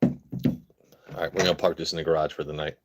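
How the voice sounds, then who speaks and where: Reviewing whiskey on a live stream, an American man talks fast in a rumbling low voice with little pitch movement, and the recording is very noisy. He keeps things loose and jokey with his chat, echoing comments as he reads them.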